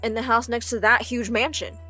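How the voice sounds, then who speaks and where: A woman voicing a kind, friendly young boy in an animated story, speaking gently. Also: on the high side, a little fast, faint music behind.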